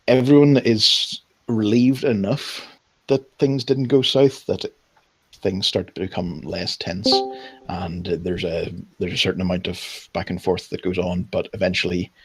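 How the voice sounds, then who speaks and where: A man narrating a tabletop game as game master, hesitant, with frequent ums and pauses. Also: deep voice, slightly rough.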